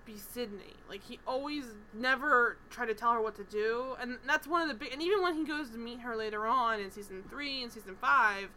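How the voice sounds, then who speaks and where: A woman co-hosting a casual TV recap chat, animated, swearing freely and acting out characters' lines. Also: a little high, brisk, hardly any pauses, a little hiss or hum, low-quality recording. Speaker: podcast co-host.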